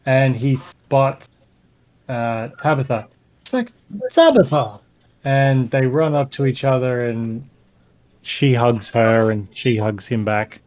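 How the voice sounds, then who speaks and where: A man's voice: medium pitch, steady tone, takes it slowly, a little mellow. A man narrating casually as the game master of an online tabletop game. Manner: casual, descriptive, laid-back.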